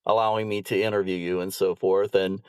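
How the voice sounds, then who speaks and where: A man's voice: sits low, flat delivery, brisk, a little mellow, clean tone, no room sound. A man hosting a podcast interview, reacting briefly and asking loose, rambling questions. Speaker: podcast host. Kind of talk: casual interview.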